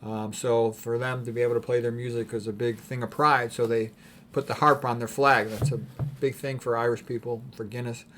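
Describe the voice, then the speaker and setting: A man giving rambling, opinionated commentary on paintings, clearing his throat often between thoughts. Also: medium pitch, little pitch movement, a little fast, a bit bright, a little hiss or hum. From United States. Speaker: art commentator.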